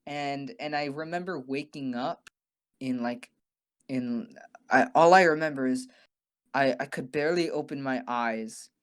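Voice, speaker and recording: A young man co-hosting a podcast, telling a story in a rambling, animated way with many restarts and some swearing. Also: medium pitch, a little slow, smooth. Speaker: podcast co-host. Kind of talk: casual storytelling.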